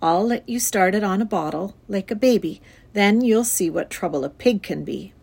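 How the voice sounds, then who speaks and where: A woman voicing a gentle, steady farmer father who speaks in a calm, measured way for a storybook reading. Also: mid-range voice, vocal fry, husky.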